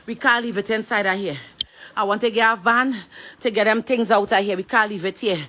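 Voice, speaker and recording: A woman's voice: medium pitch, steady tone, a little fast, bright, forceful tone. A grieving woman with a Trinidadian accent, crying and pleading over and over in a distraught street appeal. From Trinidad and Tobago. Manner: pleading, repetitive, breaking between laughter and tears. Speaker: grieving sister.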